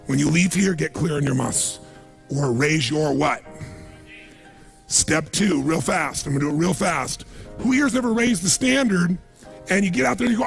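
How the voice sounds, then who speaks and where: A man with a raspy voice giving a punchy, emphatic seminar speech to a live audience and firing questions at them. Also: on the high side, normal speed, faint music behind. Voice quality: raspy, gravelly. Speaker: motivational speaker.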